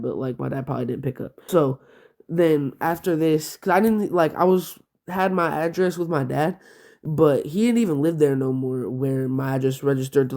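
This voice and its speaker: A man's voice: a little high, mellow. A young man casually telling a story, rambling and profane, with lots of filler "like". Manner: profane, rambling, heavy use of "like". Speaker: vlogger.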